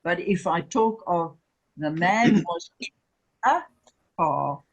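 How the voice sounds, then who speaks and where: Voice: mid-range voice, lively intonation, breathy edge, lo-fi sound. A Hebrew teacher giving a classroom lecture, patiently repeating each word and checking that students follow. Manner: drills words by slow repetition; patient, checks understanding with "okay?" and "remember".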